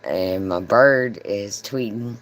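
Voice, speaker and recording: A woman's voice: a bass voice, slow pace, poor audio. A woman chatting on a livestream, telling a story in a chatty, profane way and laughing often.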